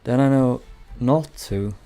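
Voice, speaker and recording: A man in his twenties streaming a building game, rambling casually and answering chat between pauses. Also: medium pitch, dark tone, faint music behind. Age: 20s. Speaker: Minecraft streamer.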